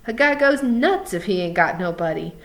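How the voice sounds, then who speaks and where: A woman reading aloud, voicing a bitter, lonely older stable hand in a slow, brooding drawl. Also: mid-range voice, animated, a bit bright.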